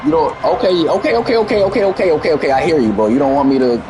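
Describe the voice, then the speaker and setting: Excitable, profane male game streamer. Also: on the high side, very fast. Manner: profane, excitable, swings from outbursts to muttering. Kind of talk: casual live-stream chat. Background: game music.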